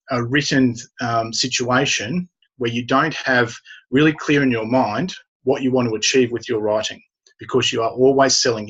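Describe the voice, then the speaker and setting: A man's voice: mid-range voice, a bit bright, breathy edge, lo-fi sound. A man talking as a copywriting guest in a casual interview, emphatic and fond of repeating his key phrases.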